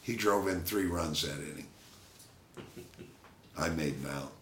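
With a slow, bass voice, the ex-catcher shares animated tales from his baseball career during a casual interview, laughing often. There's a roomy echo and slight background noise.

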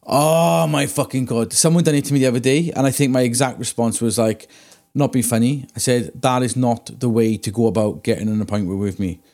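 A man, a tattooist and podcast co-host, telling stories in casual chat with lots of swearing and animated ranting. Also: mid-range voice, a little fast.

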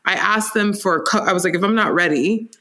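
Woman, 30s, startup founder guest, candid and animated, acts out quoted lines with a laugh. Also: medium pitch, fairly quick, a little hiss or hum. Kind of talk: candid storytelling interview.

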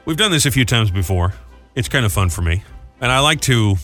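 A man hosting a morning radio show, mixing chatty jokes with brisk event promos in a studio. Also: mid-range voice, expressive, fairly bright tone, soft background music. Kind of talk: casual on-air banter and announcements. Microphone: studio microphone.

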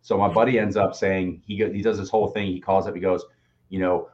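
Male co-host, low register, dull lo-fi sound, animated storyteller who swears. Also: fairly quick. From Boston area. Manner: animated, swearing, acts out quotes. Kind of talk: casual storytelling. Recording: dull lo-fi audio.

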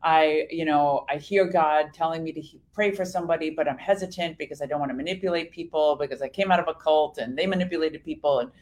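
Animated woman telling a church story. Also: low-pitched, fast talker, few pauses. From Iran. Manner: animated storytelling, acts out quoted speech. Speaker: podcast co-host. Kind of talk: casual chat.

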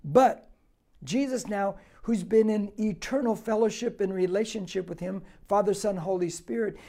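Male pastor, sermon, verse-by-verse teaching, warm mellow tone, emphatic, rhetorical questions. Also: high voice, moderate pace, vocal fry.

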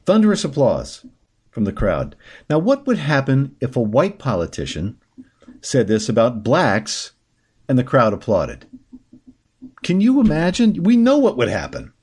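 A man's voice: mid-range voice, huge pitch swings, normal speed, a little mellow, slightly rough. A man hosting a talk show, reading news items aloud and breaking in with sarcastic, indignant asides. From upstate New York. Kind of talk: opinionated news commentary.

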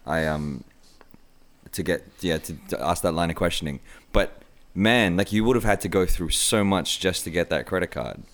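A man's voice: low voice, normal speed, a bit bright. A man hosting a podcast, chatting casually and jumping in with eager questions. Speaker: podcast host.

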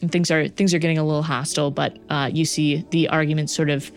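A young woman narrating a tabletop game as game master, relaxed and hesitant. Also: deep voice, fast, soft background music. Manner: relaxed, hesitant, many fillers.

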